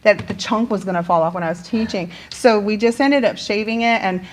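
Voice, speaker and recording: A middle-aged woman teacher talking casually in a relaxed conversation. She speaks at an average pitch and fills her sentences with ums, likes and restarts as she thinks aloud. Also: brisk, slight background noise. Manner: chatty, many fillers and restarts. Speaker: teacher and guest.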